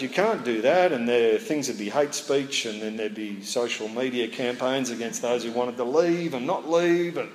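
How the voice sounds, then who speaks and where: Preacher in an echoey hall. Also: male voice, medium pitch. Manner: lively, acts out scenes in funny voices. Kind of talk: expository sermon. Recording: echoey hall, faint room noise.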